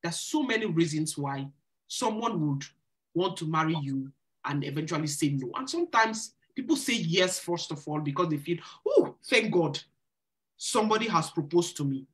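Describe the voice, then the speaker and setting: A woman's voice: low voice, lively intonation, normal speed. Earnest woman giving live relationship advice. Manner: earnest, preacherly, repeats phrases for emphasis. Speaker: church singles ministry host. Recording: live stream.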